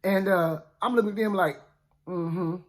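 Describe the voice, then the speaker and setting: A man's voice: on the high side, animated, normal speed. A man retelling a Bible story in first person, in a casual, slangy way with frequent asides to the listeners. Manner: chatty, slangy, with many "you know what I'm saying" asides. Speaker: storyteller for a ministry.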